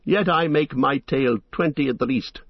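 A man's voice: medium pitch, moderate pace, breathy edge, no room sound, lo-fi sound, voice pushed up. A man voicing a proud, competitive male elf archer who speaks lightly and boastfully in a storybook reading.

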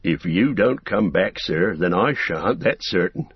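This is a humble and stubborn hobbit servant, loyal to the last, as a male audiobook reader plays him. The voice is husky and shifts a lot in pitch, and it is recorded dry and a little dull. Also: animated, measured pace, no room sound, heavily acted. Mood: steadfast. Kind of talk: audiobook reading.

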